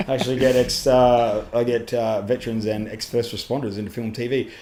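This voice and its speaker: A man's voice: mid-range voice, little pitch movement, brisk, few pauses, mellow. A man with an Australian accent, a podcast guest telling a story casually, laughing often and swearing in Aussie slang. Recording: echoey room with faint ambient noise.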